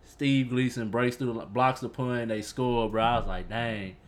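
A man's voice: medium pitch, fairly even intonation, a little slow. A young man co-hosting a casual sports chat in a laid-back, laughing way. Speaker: podcast co-host.

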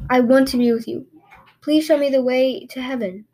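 A woman voicing a grieving young girl who has a flowerpot stuck on her head, crying out in a high, pleading voice. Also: steady tone, moderate pace, dark tone. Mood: despairing. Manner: high, pleading, tearful cries.

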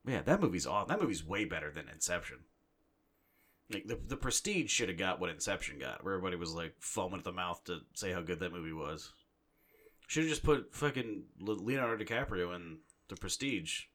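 A man's voice: low voice, animated, a little fast, fairly bright tone. A young man co-hosting a podcast, ranting in casual chat and swearing constantly. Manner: profane, ranting. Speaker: podcast co-host.

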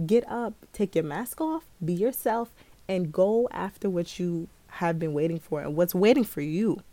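A woman's voice: fairly low pitch, a little mellow, no room sound. A young woman hosting a podcast, giving listeners a casual, playful pep talk full of slang. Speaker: podcast host.

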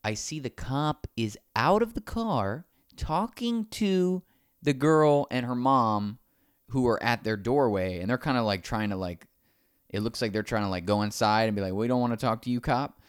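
A man tells a long anecdote casually and with animation, acting out other people's lines as he goes. His voice is medium-pitched and smooth at normal speed, in clean studio sound with no echo.

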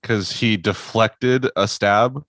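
A man's voice: fairly low pitch, slow, fairly bright tone, dry recording. A man co-hosting a podcast, making wry, sarcastic quips about a movie. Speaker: podcast co-host. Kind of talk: casual film discussion.

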